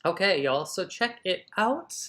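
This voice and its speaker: Guy running a live writing stream, chatty, thinks out loud, calls everyone y'all. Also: high voice, unhurried. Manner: energetic, thinking aloud, addressing viewers as y'all. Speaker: writer hosting a live writing session. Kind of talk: casual livestream talk.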